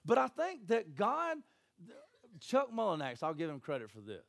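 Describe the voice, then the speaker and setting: A man, preaching a sermon in a church with jokey, animated storytelling and acted voices. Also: on the high side, unhurried, creaky. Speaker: pastor.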